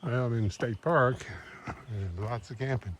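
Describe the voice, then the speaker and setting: A man's voice: medium pitch, unhurried, muffled recording, background noise. A man from the American South, narrating a casual hiking vlog outdoors as he walks, rambling and chuckling to himself. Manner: rambling, chuckling, talks to himself while walking. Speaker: thru-hiker vlogger. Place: outdoors on a mountain hiking trail.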